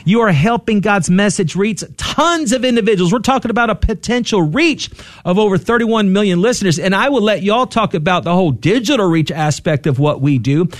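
A man co-hosting a Catholic radio pledge drive, upbeat and steady, slowing down to repeat the donation phone number. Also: high-pitched, no room sound, clean studio sound. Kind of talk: radio fundraising appeal.

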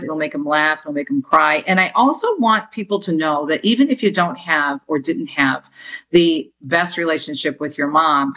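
A woman's voice: deep voice, a bit bright, poor audio. A middle-aged woman being interviewed as an author, talking earnestly and energetically, often repeating words as she starts a thought. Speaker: author and guest. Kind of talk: casual interview talk.

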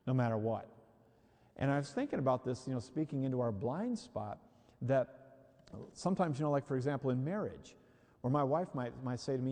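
A man preaching a sermon in an emphatic, animated way, repeating key phrases for the congregation. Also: medium pitch, brisk. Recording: long hall reverb.

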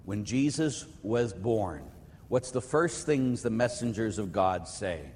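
A priest and radio host preaching bluntly and telling stories, acting out the voices of the people in them. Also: male voice, mid-range voice, unhurried, big-room sound, slight background noise. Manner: blunt, animated, acts out callers' voices. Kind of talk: lively sermon with storytelling.

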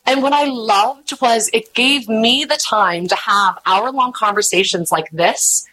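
Bright, chatty woman telling stories. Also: on the high side, unhurried, hardly any pauses, poor audio. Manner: chatty, animated storytelling with voiced quotes. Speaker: podcast host and guest. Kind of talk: casual interview chat.

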